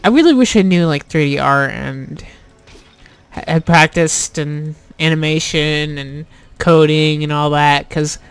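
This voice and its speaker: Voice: medium pitch, a little slow, clean tone. A YouTuber giving casual let's play commentary, rambling and self-deprecating, with plenty of swearing and restarts. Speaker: YouTuber playing a game.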